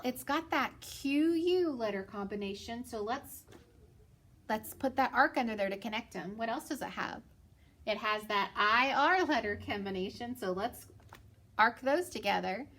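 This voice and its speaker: A woman's voice: on the high side, lively intonation, measured pace, long pauses, fairly bright tone. Encouraging woman teaching phonics. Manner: patient, encouraging, asks and answers her own questions. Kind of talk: phonics lesson for children.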